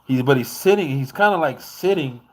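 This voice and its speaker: A man vlogging in a casual storytelling style, animated and rambling, who swears freely as he tells the story. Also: mid-range voice, brisk.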